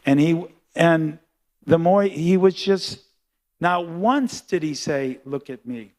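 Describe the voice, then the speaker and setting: An older man giving a sermon built around a personal memory, speaking in a halting, heartfelt way with frequent restarts. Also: fairly high pitch, a little mellow. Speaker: guest speaker at a temple class.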